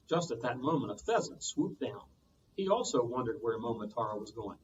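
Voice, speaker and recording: Animated man reading a children's story. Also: mid-range voice, fairly quick, far from the mic, dull audio, slight background noise. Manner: animated, sound effects. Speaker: children's librarian.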